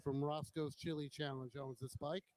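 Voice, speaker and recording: Male host, slightly high voice, casual admiring walkaround banter. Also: level tone, moderate pace, a little mellow, poor audio. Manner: chatty, admiring, joking.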